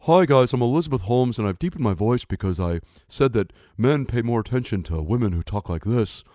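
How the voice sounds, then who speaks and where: A man voicing a woman startup founder who fakes a deep, businesslike voice as a comic impression. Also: animated, brisk, mellow, dry recording, studio quality, close to an everyday voice. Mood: smug. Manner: forced low businesslike drone breaking into frantic babbling. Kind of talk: comedic impression.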